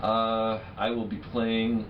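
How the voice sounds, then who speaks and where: A man's voice: fairly low pitch, completely flat delivery, slow, distant mic, dull audio, background noise. A young man co-hosting a podcast in casual chat, rambling with many fillers. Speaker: podcast co-host.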